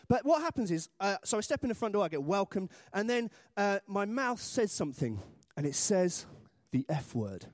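A man's voice: high voice, very animated, normal speed, hardly any pauses, no room sound, clean studio sound. A man from Britain preaching a sermon in church, chatty and self-deprecating, acting out little voices for humor.

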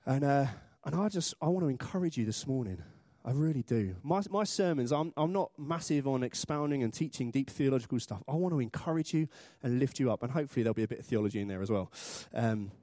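A man's voice: mid-range voice, lively intonation, fast talker, few pauses, mellow, dry recording, clean studio sound. A man from Britain preaching a sermon in church, chatty and self-deprecating, acting out little voices for humor.

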